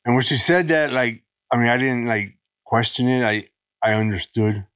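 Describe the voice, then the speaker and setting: A middle-aged man from Los Angeles, guest on a podcast, telling his recovery story in halting speech full of restarts. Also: medium pitch, fairly bright tone, clean tone, dry recording. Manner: halting, many restarts and "you know"s.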